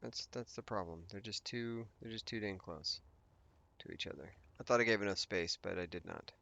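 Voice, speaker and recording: A man's voice: lowish voice, moderate pace, gravelly, sharp tone, dull audio. A man hosting a let's play, giving casual gameplay commentary and thinking aloud as he rambles through his plans with restarts and asides.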